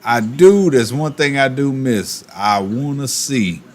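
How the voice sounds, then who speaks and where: A man streaming and chatting casually, animated, with quick asides and laughs. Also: mid-range voice. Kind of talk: casual chat while opening cards.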